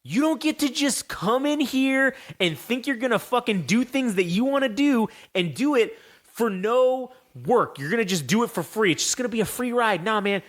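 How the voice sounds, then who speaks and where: A man's voice: high-pitched, a bit bright. A man doing a taunting tough-guy wrestler. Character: mocking tough male wrestler from the late 1990s.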